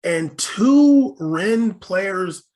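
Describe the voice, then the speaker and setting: A high-voiced young man tells stories on a casual podcast. He sounds excitable and often repeats a word or two before his sentence gets going. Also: very slow. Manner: storytelling, excitable, repeats words when starting a sentence. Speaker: podcast co-host. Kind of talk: casual chat.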